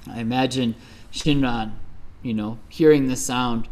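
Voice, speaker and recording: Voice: mid-range voice, measured pace. A Buddhist minister telling a teaching story in a conversational sermon, often checking in with "right?". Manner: conversational, lively, with frequent "right?" asides.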